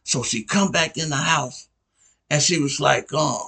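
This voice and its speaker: A man's voice: on the high side, a little slow, vocal fry, pushed and bright, breathy edge. A man hosting a podcast, telling a story in a rambling, conversational way and often checking in with "you know what I'm saying". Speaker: podcast host. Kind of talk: casual storytelling.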